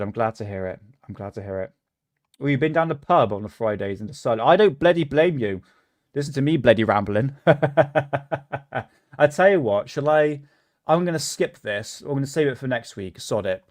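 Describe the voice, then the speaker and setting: A man's voice: mid-range voice, normal speed, no room sound. Rambling sweary British man hosting a livestream. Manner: rambling, swears often, laughs at himself. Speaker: livestream host. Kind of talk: casual livestream chat.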